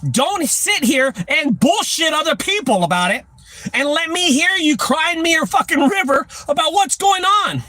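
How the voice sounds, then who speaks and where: A man's voice: very high voice, sing-song, moderate pace, bright, forceful tone, dry recording. A man with a Texan accent who owns a junk removal business, lecturing other owners in a blunt, profane rant to camera. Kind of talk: ranting talk to camera.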